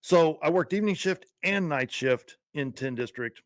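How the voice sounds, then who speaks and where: A man's voice: a little high, lively intonation, moderate pace, no room sound. A middle-aged man and former patrol officer from Texas, co-hosting a casual podcast and telling stories in a laid-back way with easy laughter.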